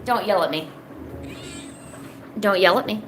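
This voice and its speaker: A woman's voice: medium pitch, unhurried, noisy background. A woman streaming casually while drawing, chatting playfully to her cats.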